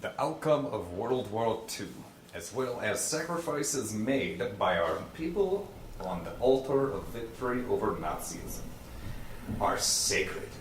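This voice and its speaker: A man putting on a Russian accent to read a head of state's formal war speech slowly and solemnly, in an echoey studio away from the mic with some noise. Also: medium pitch, sing-song, far from the mic. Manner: slow, solemn reading in a put-on Russian accent.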